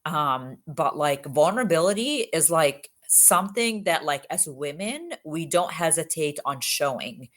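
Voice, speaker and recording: A woman police officer from Egypt, telling her stories in an interview with earnest emphasis and quick bursts of speech. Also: low voice, expressive, fairly bright tone. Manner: earnest, emphatic, fast bursts with many fillers. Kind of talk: candid interview storytelling.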